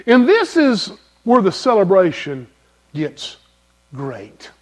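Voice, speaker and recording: A male pastor preaching a sermon in an emphatic, folksy manner, repeating key phrases and swinging from loud to soft. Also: high-pitched, wildly swooping pitch, slow, long pauses.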